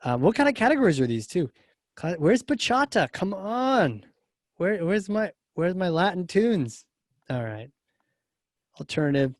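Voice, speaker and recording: Male podcast host, slightly high voice, joking, relaxed, dry sound. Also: measured pace, no echo. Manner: relaxed and joking, lots of short agreements. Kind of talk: casual live show hosting.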